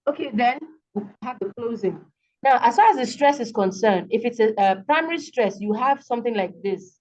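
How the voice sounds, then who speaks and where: A woman's voice: a little high, lively intonation, a little mellow. Nigerian woman tutoring over a video call. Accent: Nigerian English. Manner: patient, repeats words slowly. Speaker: online tutor. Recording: dull lo-fi video call audio.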